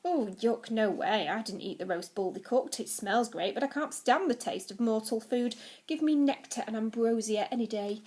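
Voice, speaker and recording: A woman's voice: on the high side, moderate pace, darkish tone, close to an everyday voice. A woman voicing a sulky, vain male Greek god who talks in a huffy, demanding way. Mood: boastful.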